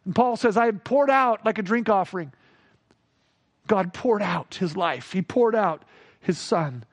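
A man with a notably high voice preaches a sermon. He acts out quoted speech and climbs higher and louder when he presses a point. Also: unhurried. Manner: expressive preaching, acts out quoted voices, rises in pitch for emphasis. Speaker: pastor.

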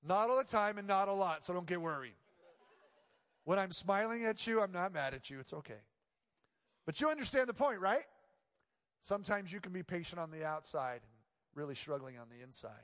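Guy pastor joking around mid-sermon, kinda high voice, big echoey church sound. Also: expressive, fairly quick, long pauses. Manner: conversational and playful, dropping to quiet earnest tones.

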